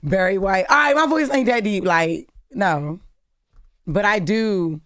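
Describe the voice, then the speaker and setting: Deep, raspy-voiced woman on radio. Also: no room sound, clean studio sound. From Maryland, USA. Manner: animated, joking, quick to laugh. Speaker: radio co-host. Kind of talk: casual morning radio banter. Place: radio studio. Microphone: studio microphone.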